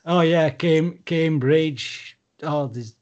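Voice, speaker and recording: Chatty British man, a bit high. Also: takes it slowly, muffled recording. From Britain. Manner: swears freely, jumps into playful accent impressions. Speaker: podcast host. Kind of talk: casual podcast chat.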